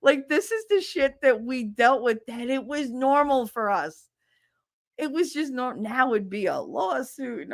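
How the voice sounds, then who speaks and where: A middle-aged woman hosting a livestream, telling a profane, animated story and laughing often. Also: high voice, unhurried, gravelly, dry recording, clean studio sound. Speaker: livestream host. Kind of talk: casual storytelling.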